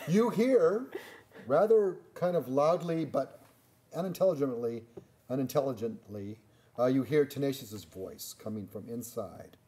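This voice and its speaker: A man's voice: mid-range voice, animated, dark tone. A man narrating as game master in a tabletop role-playing game, often repeating and restarting his words. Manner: halting, repeats words while describing.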